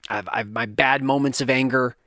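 A man's voice: medium pitch, fairly even intonation, normal speed, sharp tone, dry recording, clean studio sound. A man in his thirties telling a rambling family story in a casual monologue, acting out his kids' voices.

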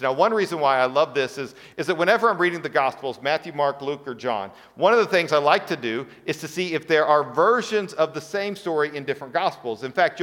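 A male pastor delivers a sermon in a relaxed, conversational way. He tosses in playful asides and then sinks to a near hush for the serious lines. His voice sits a touch high, and a long hall reverb trails every phrase.

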